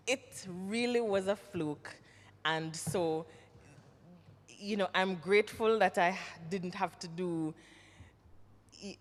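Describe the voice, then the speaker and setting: A woman from Jamaica with a Jamaican accent, an actress answering questions at a symposium, telling her story with lively acted-out quotes. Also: mid-range voice. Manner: animated storyteller, acts out quoted voices. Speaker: actress and guest speaker. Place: symposium hall. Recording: reverberant hall.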